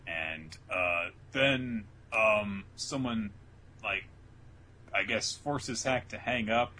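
Speaking very slowly in a lowish voice, a man chats on a casual podcast he co-hosts. He recaps an anime episode with gusto, acting out each character's lines in loud voices.

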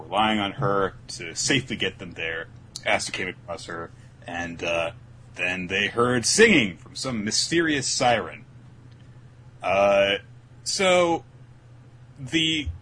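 Male podcast host, bright tone, animated delivery, dry humour when recapping. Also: fairly low pitch, a little hiss or hum, poor audio. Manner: dry, mock-exasperated summarizing. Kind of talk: casual manga recap chat.

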